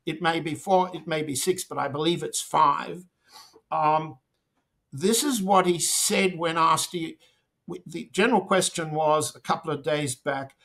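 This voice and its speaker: Older male guest, gravelly tone, unhurried, deliberate delivery with pointed stress. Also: on the high side, fairly bright tone. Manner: slow, deliberate, with pointed emphasis. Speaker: interview guest. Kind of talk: political commentary interview.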